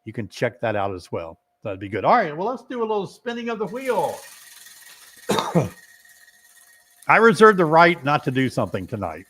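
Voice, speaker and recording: A middle-aged man chats on a live stream, his voice bouncing high and low with lively swings. He sounds short of breath, coughing between playful, teasing remarks. His pitch sits a little above the usual male range. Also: moderate pace, pauses often, a little hiss or hum. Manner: playful, teasing, with animated exclamations. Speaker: beekeeping host. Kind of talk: casual live stream chat.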